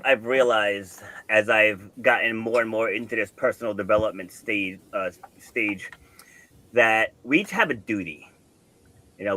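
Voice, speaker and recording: A man's voice: lowish voice, bright, forceful tone. Earnest man telling a coaching story. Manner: earnest storytelling, acts out quoted dialogue. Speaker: host. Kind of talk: casual podcast conversation.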